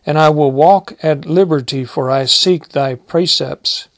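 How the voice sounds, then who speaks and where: A man preaching, reading psalms aloud in a slow, measured way and adding short comments. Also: on the high side, no echo. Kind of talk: Bible reading and sermon.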